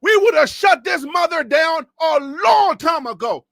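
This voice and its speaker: Fired-up high-pitched man ranting live. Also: unhurried, vocal fry, no room sound, clean studio sound. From Liberia. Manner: animated, mocking, swings from low asides to shouting. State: losing his voice. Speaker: sports commentator. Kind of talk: live-stream sports rant.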